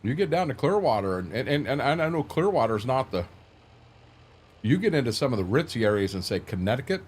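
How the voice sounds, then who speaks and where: A man's voice: medium pitch, big pitch swings, brisk, husky. An older man hosting a live stream, chatting casually in a plainspoken, rambling way and repeating words as he thinks. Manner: plainspoken, folksy.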